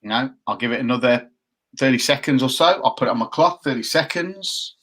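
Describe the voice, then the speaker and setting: A man's voice: mid-range voice, a little fast, a bit bright. Guy, 50s, cohosting a chatty live show, reads comments, cracks jokes. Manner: chatty, reads viewer comments aloud, jokey. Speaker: co-host. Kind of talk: casual live chat show.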